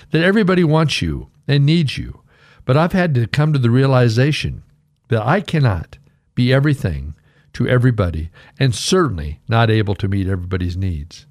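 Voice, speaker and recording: A middle-aged male pastor giving an earnest radio devotional, telling stories and slowly reciting scripture. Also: mid-range voice, no echo, studio quality. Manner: earnest, warm storytelling with slow scripture recitation.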